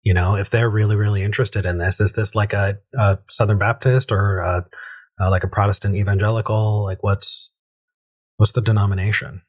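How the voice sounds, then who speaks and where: A man's voice: fairly low pitch, level tone, fairly quick, slightly rough, lo-fi sound. A man hosting a call-in show, giving easygoing advice and thinking aloud with frequent restarts.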